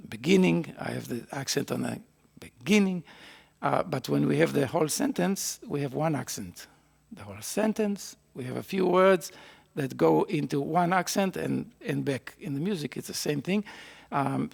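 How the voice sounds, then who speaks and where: A man's voice: a little high, creaky, slightly rough. A man teaching a trumpet master class in a recording studio, explaining patiently and singing phrases on syllables.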